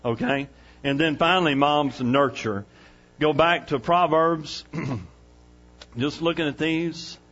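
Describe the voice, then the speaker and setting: Middle-aged man, pastor, preaching; raised voice pitch, muffled low-fidelity church recording. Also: slow pace, long pauses, faint music behind. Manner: swings from loud and excited to quiet and hushed, with laughs. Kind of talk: sermon.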